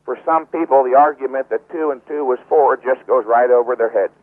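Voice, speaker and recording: A man's voice: mid-range voice, fairly quick. Emphatic man lecturing on a tinny phone line. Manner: emphatic, didactic, repeats key words for stress; blunt, teasing. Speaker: bodybuilding trainer, radio guest. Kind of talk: radio interview, lecturing explanation. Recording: tinny, dry phone-line radio audio.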